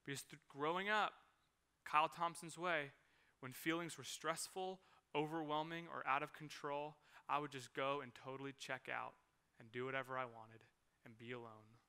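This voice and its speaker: A man's voice: fairly high pitch, normal speed, clean tone. A man in his thirties preaching a sermon, telling a personal story and acting out its scenes. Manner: animated storytelling, acts out scenes. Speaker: pastor.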